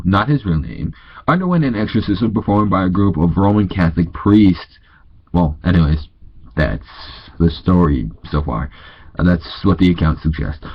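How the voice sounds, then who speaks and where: Young guy from north dakota, stuffy nose, worn out late at night, reads stuff out loud and keeps fumbling, lowish voice. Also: highs cut off. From North Dakota, USA. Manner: stumbling, self-correcting reading. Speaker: vlogger reading ghost stories. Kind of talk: casual read-aloud with asides.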